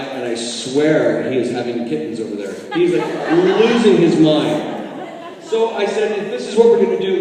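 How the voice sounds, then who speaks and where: A man recounting a comic story to a live audience, animated and acting out the voices and drum parts he describes. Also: a little high. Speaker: drummer telling a story. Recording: roomy hall from far off, music behind.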